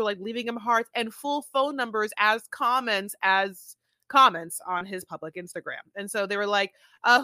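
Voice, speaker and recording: A woman's voice: medium pitch, bright, forceful tone, no echo. A woman co-hosting a podcast in casual chat, rambling with lots of filler words and acting out quotes. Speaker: podcast co-host.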